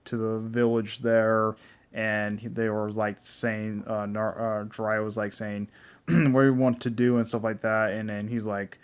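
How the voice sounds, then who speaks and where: A man casually recapping an anime episode, rambling with heavy fillers, cursing and frequent throat clearing. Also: lowish voice, completely flat delivery, a little slow. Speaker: anime reviewer. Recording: dull lo-fi recording.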